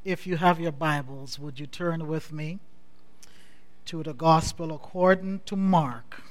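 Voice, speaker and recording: A man preaching a sermon as pastor, building through repeated refrains that rise in a preaching cadence. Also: on the high side. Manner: repetitive, rising preaching cadence; measured, soft-spoken scripture introduction.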